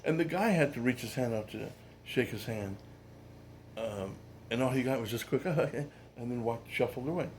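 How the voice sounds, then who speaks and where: A man rants about politics in a loose, indignant way, circling back and restarting his sentences as he goes. His voice sits at an ordinary middle pitch. A faint background ambience hangs behind him. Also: normal speed, a little mellow, a little hiss or hum. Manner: indignant, rambling, with frequent restarts. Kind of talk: casual political rant.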